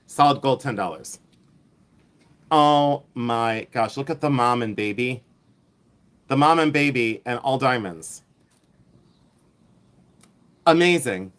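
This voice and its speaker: Picture an excitable man from Ohio hosting a live stream, chatting away with his viewers. He repeats himself and teases them as he shows off his finds. His voice sits at an ordinary pitch for a man. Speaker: reseller livestream host. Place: outdoors in the heat.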